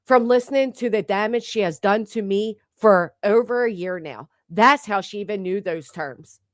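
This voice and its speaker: This online commentator, a woman, speaks at medium pitch and a moderate pace in a dry, clean studio recording. She unleashes a heated, sarcastic rant, indignant and profane, swearing and firing off rhetorical questions.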